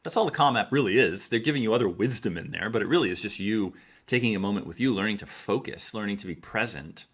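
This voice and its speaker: A middle-aged man coaches his listeners straight to camera, giving earnest, direct advice and repeating key phrases for emphasis. His voice is lowish and husky, a bit bright, and he talks fast and animatedly.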